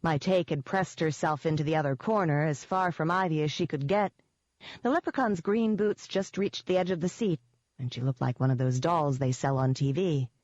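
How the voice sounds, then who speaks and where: A woman with a low, deep-set voice narrates a novel in the first person, keeping an even and wry tone. The recording is dry, with no room sound, and the audio is slightly dull and lo-fi. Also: moderate pace, no room sound.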